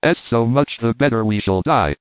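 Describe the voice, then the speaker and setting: Man reading a desperate Scottish hunter, hoarse and grating, over a tinny line. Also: medium pitch, normal speed, no room sound, lightly acted. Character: desperate, half-mad male Scottish hunter. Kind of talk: audiobook character reading.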